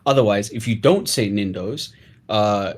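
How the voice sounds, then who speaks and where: A young man in casual chat, telling a story from school with animated swings into loud emphasis. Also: lowish voice, measured pace. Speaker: guest storyteller.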